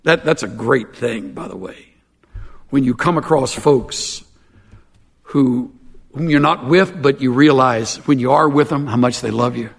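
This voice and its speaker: A pastor preaching a sermon in a folksy, animated way with self-mocking humor. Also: male voice, mid-range voice, measured pace, creaky, slightly rough, long reverb tail.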